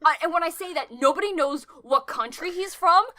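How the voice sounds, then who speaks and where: A young woman co-hosting a podcast, chatting casually, animated and rambling with frequent restarts. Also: very high voice, a little fast. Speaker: podcast co-host. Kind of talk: casual chat.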